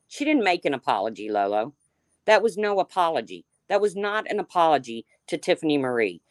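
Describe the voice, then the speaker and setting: A woman's voice: low-pitched, big pitch swings, brisk, no room sound, clean studio sound. A woman hosting a livestream, ranting heatedly with lots of swearing and calling out chat viewers by name. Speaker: livestream host.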